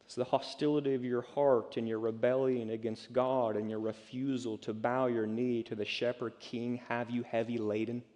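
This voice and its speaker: A male pastor preaching a sermon, swinging from loud urgent calls down to hushed, near-whispered lines. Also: medium pitch, level tone, moderate pace, few pauses. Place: church sanctuary. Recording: long hall reverb.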